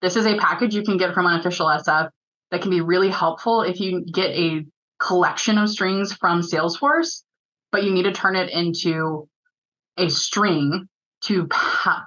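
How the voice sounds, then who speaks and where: Woman presenter, fairly low voice, quick chatty explainer, slightly dull lo-fi call audio. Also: fairly bright tone. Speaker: user group co-leader and presenter. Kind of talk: webinar presentation.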